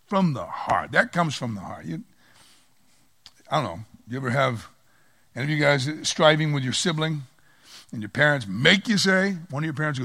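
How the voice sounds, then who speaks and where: A man preaching a sermon in an animated way, swinging from loud emphasis to low quiet asides and acting out quoted voices. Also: normal speed, vocal fry, dry recording, clean studio sound.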